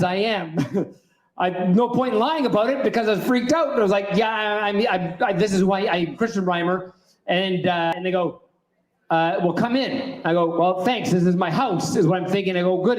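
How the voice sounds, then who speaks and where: A man doing a rambling, self-deprecating stand-up set on a club stage. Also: high-pitched. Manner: rambling, self-deprecating storytelling with lots of ums. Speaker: stand-up comedian. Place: comedy club stage with audience. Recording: roomy club sound.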